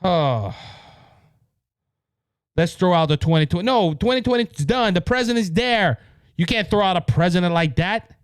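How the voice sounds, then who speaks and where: A man's voice: sits high, clear, resonant tone, no echo. A man with a Cajun Louisiana accent hosting a political commentary podcast, talking in a heated, repetitive way that rises to exasperation. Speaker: podcast host.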